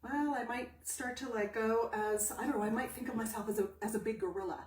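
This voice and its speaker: A woman's voice: on the high side, fairly quick, darkish tone, slight background noise. A woman voice teacher giving a live-streamed talk at home, animatedly asking and answering her own questions. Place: home room with a pet cat. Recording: echoey room, distant mic.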